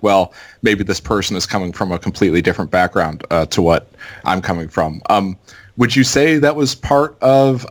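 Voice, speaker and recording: Man, interviewer, from michigan, lowish voice, dry sound, halting questions. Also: no echo. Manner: hesitant, many fillers and restarts. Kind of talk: casual interview.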